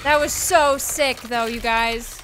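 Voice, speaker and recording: A woman's voice: on the high side, steady tone, slow, a bit bright, a little hiss or hum. A woman casually commenting on her own gameplay, exclaiming and swearing often as she plays. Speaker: gaming channel host.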